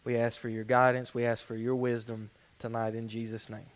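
A man leading a prayer in a hushed, low, reverent voice. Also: little pitch movement, a little fast. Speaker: pastor.

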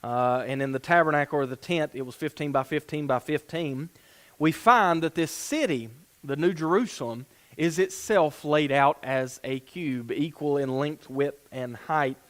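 A man's voice: mid-range voice, a little slow, fairly bright tone. A man preaching a sermon and reading scripture aloud, earnest and given to restarting phrases. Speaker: pastor.

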